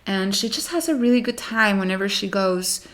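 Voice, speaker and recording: A woman's voice: medium pitch, animated, normal speed, a bit bright. Rambling, self-mocking woman vlogger. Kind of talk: casual chat to camera.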